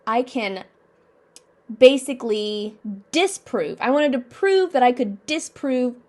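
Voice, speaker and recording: A woman in her twenties speaks to her viewers in an earnest, personal motivational talk. Her voice sits a little high, and she circles back on her own phrases, firing questions at herself as she reflects. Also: animated, slow pace. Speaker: vlogger.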